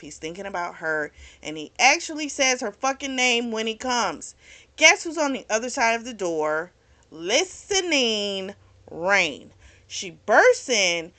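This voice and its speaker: A woman's voice: fairly low pitch, sharp tone. A woman hosting a book club video, giving a casual, blunt recap of a novel's plot and peppering it with swearing and "like.". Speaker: book club vlog host.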